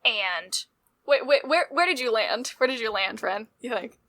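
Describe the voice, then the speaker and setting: A woman playing in a tabletop role-playing game, talking quickly with laughs and restarts. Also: fairly high pitch, expressive, bright, forceful tone. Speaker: player. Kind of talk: tabletop role-play, playing a server character.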